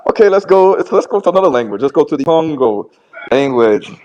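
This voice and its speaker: A man's voice: a little high, big pitch swings, mellow, dull audio. A man arguing his case in a debate, restarting phrases often and running through long lists of words. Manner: repeats words, many restarts, rapid lists of words. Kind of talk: debate argument.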